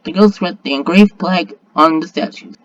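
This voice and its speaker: Brief: male amateur storyteller, steady plain narration, dry close mic. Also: on the high side, normal speed, no room sound, highs cut off. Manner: plain, steady, with small slips. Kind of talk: amateur reading of own story.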